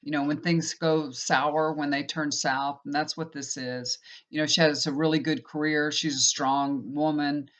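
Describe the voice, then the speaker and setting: A woman's voice: sits low, steady tone, normal speed. A woman in her fifties, a tarot reader, telling a rambling personal story in a chatty, casual way. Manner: chatty, rambling, frequent "you know". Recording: dull lo-fi recording.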